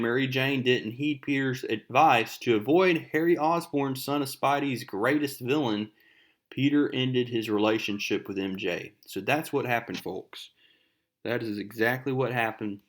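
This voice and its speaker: A man's voice: mid-range voice, fairly bright tone. Chatty young man recapping a comic. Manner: chatty, loose storytelling with fillers. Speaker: comic book video host.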